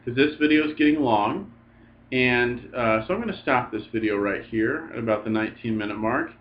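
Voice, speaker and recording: A man teaching a recorded Greek lesson, speaking slowly and methodically, saying each word twice as he explains it. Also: medium pitch, lively intonation, muffled recording. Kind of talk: recorded lecture. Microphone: recorded for a video lesson.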